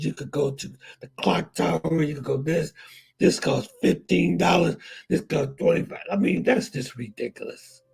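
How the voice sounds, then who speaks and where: A man's voice: on the high side, gravelly, darkish tone, husky, rough recording. A man hosting a casual livestream, talking straight to his viewers and chat, repeating himself for emphasis. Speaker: vlog host.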